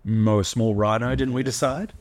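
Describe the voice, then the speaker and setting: A man's voice: medium pitch, steady tone, moderate pace. An Australian man co-hosting a casual podcast, musing with playfully absurd questions. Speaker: podcast co-host. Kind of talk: casual banter.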